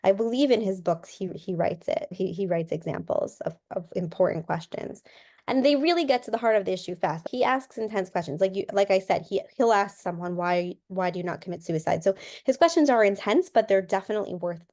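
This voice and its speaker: A woman speaks as a counseling guest in a relaxed interview, her voice sitting in an ordinary middle range. She explains ideas through examples and often repeats a word as she restarts. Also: mid-range voice, brisk. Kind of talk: casual interview talk.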